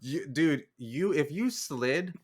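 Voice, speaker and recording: A man in his twenties in casual podcast chat, cocky and argumentative with quick comebacks. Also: fairly high pitch, expressive, husky. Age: 20s.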